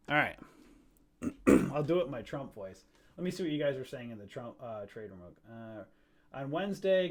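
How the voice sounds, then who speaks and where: A man's voice: mid-range voice, a bit bright. A man casually hosting a live stock-trading stream, chatty and jokey, rambling as he talks.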